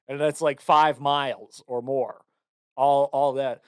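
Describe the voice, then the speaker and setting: A man's voice: medium pitch, fairly even intonation, slow, smooth, no echo, studio quality. A young man co-hosting a podcast, bantering casually and jokingly with plenty of swearing. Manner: joking, profane, bursts into mock voices. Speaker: podcast co-host.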